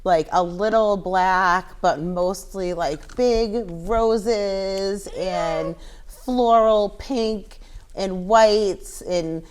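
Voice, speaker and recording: A woman's voice: mid-range voice, drawn-out words, a little mellow, clear, resonant tone. A woman co-hosting a podcast, chatting casually and teasing her co-host playfully. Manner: teasing, playful, describes things at length. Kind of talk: casual chat.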